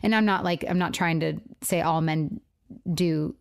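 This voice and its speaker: A woman's voice: low-pitched, measured pace, vocal fry, clean tone. A woman hosting a podcast, speaking sympathetically and hedging her points carefully. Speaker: podcast host. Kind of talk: casual podcast chat.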